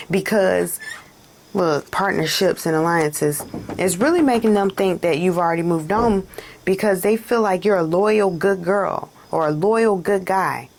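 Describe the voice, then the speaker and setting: A woman giving a casual spiritual card reading to a viewer, chatty and animated, laughing often and breaking into dramatic asides. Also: mid-range voice, gravelly. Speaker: intuitive card reader.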